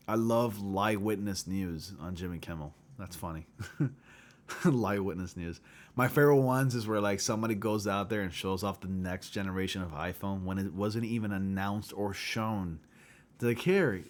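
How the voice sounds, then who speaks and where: Low-voiced man rambling on a livestream. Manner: rambling, with filler words and frequent chuckles. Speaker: livestream host. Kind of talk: casual livestream chat.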